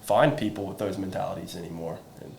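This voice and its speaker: A man's voice: low voice, fast, vocal fry, darkish tone, slight background noise. A man, a guest telling easygoing stories in a casual podcast chat. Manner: easygoing, storytelling. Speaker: podcast guest, metals company rep. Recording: roomy echo with faint ambience.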